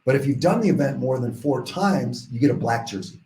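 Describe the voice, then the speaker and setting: Male podcast guest, mellow tone, animated rambling storyteller, echoey room. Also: medium pitch, fairly quick. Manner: animated, rambling storytelling with many restarts and quoted dialogue. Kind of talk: casual storytelling in a podcast interview.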